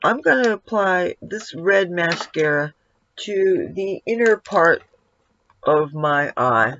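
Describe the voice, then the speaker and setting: A man's voice: high-pitched, animated, slow pace, pushed and bright, slight background noise. A man giving a casual makeup tutorial at home, rambling and breaking off to talk to his cat. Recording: dull lo-fi, dry sound.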